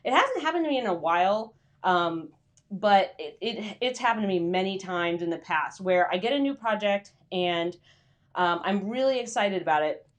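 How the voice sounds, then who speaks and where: A woman's voice: mid-range voice, lively intonation, moderate pace. A woman hosting a casual live stream for freelance writers, chatty and full of fillers, greeting viewers by name and acting out her inner voice.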